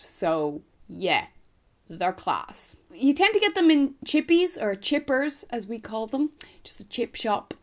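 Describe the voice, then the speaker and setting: Chatty young Irish woman with a lively voice. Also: mid-range voice. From Ireland, north County Dublin. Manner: chatty and rambling, with many "like"s. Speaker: vlogger. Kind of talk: casual chat to camera.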